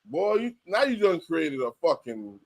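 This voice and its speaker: A man's voice: on the high side, very animated, measured pace, a crowd in the background. A man co-hosting a casual podcast, talking crudely with an emphatic drawl. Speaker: podcast co-host. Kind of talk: candid casual podcast chat.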